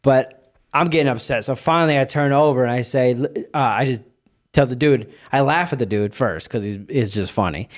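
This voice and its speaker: A young man co-hosting a podcast, telling a story in casual chat with lively asides and frequent restarts. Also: medium pitch. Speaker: podcast co-host.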